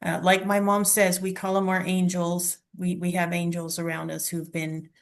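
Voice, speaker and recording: A woman hosting an interview, speaking earnestly and gratefully and often murmuring soft affirmations. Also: fairly low pitch, monotone, normal speed. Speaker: interview host. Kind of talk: casual conversation.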